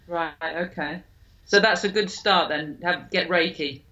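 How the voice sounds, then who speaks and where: Low-voiced woman interviewer. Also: a little slow, bright, forceful tone, lo-fi sound. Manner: brief encouraging backchannels. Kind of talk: casual interview.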